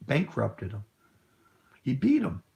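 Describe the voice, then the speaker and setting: A man's voice: medium pitch, huge pitch swings, slow, gravelly, warm tone. A middle-aged man from the United States giving an impassioned political talk, telling a long story in a rambling, emphatic, hesitant way. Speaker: political speaker.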